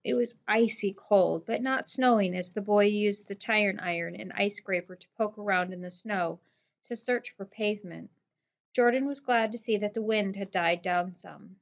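A woman narrating a novel in a steady, plain storytelling voice. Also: mid-range voice, normal speed, creaky. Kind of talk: audiobook narration.

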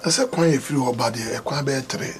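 Casting: a man as a Ghanaian husband giving calm advice, mid voice, clear film music behind. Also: mid-range voice, a little fast, lightly acted. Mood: advising. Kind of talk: film acting. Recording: film score clearly underneath.

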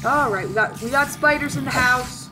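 A woman's voice: high-pitched, normal speed. Chatty woman narrating a game, noisy recording. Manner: chatty, playfully dramatic. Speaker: gaming video host. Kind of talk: let's-play commentary.

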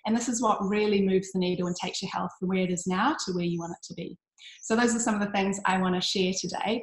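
Chatty, tired woman health coach, talking in an echoey room, loose and rambling. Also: medium pitch. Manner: chatty, with frequent ums and restarts; uses 'bloody' as an intensifier. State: tired from little sleep. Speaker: health coach giving an online talk. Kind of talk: casual presentation.

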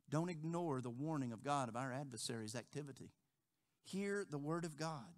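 A male pastor preaching a sermon, repeating phrases and acting out quotes with big swings from quiet to loud. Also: mid-range voice, expressive, moderate pace. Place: church sanctuary.

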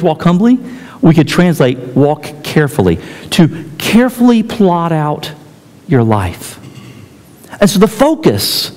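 A man preaching in a church, telling a story and breaking into quoted voices with deliberate pauses. His pitch swings widely from phrase to phrase. The sound carries a long hall reverb. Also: a little mellow. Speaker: pastor. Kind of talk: sermon. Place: church sanctuary.

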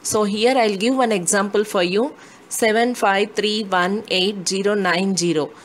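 A woman teaching a math lesson, reading out numbers slowly and deliberately. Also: mid-range voice, fairly even intonation, a little hiss or hum, low-quality recording. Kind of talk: classroom lesson.

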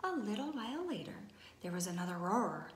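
A woman reading a picture book aloud to preschoolers, expressive and sometimes hushing to a whisper. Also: medium pitch, a little fast, a little hiss or hum. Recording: roomy echo.

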